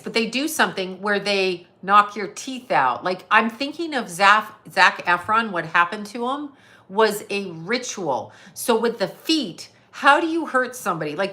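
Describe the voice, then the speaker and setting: A woman's voice: medium pitch, lively intonation, moderate pace, sharp tone. A middle-aged woman from Canada, hosting a casual livestream, rambling from tangent to tangent, swearing freely and answering chat comments as she goes. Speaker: psychic medium and livestream host.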